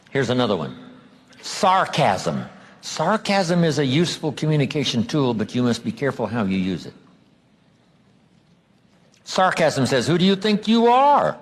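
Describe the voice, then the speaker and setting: A man giving a motivational seminar talk, emphatic, stretching out key phrases for drama. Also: on the low side. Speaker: motivational speaker.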